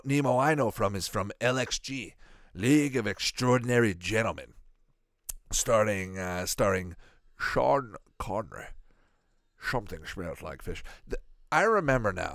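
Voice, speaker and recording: Low-voiced guy rambling and cussing over an old cartoon, voice jumps all over, dry close sound. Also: a bit bright, no echo. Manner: rambling, profane, jokey asides. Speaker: reaction video host. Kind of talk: casual commentary while watching a cartoon.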